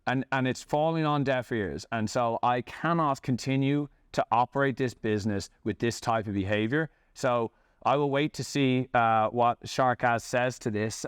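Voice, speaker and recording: Pissed-off business owner going on a rant, swears a lot, clean dry audio. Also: male voice, medium pitch, clear, resonant tone, no echo. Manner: angry, profane, blunt. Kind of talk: angry rant to camera.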